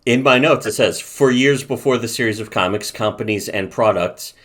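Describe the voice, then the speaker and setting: Low-voiced ranting man. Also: normal speed, fairly bright tone. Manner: profane, ranting, reads from notes. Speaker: podcast co-host. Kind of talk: casual commentary chat.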